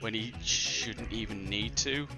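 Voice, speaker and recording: A man co-hosting a casual film review chat, animated, with lots of fillers and mocking impressions. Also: on the low side, measured pace, music in the background. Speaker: podcast co-host.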